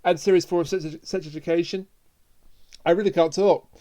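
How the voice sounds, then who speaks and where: Podcast host, casual chat, jokey, stumbles over words, middling pitch. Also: fairly even intonation, fairly quick, mellow. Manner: jokey, laughs a lot, trips over words.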